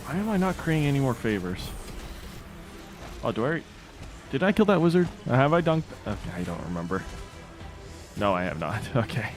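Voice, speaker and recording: A man's voice: mid-range voice, sing-song, brisk, pauses often, faint music behind. Chatty male gaming streamer. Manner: chatty, thinking aloud. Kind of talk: casual gameplay commentary.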